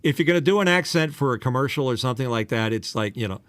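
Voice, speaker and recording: A man co-hosting a casual podcast chat, a commercial voice actor who talks in an animated way and drops in quick impressions. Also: medium pitch, no room sound. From United States.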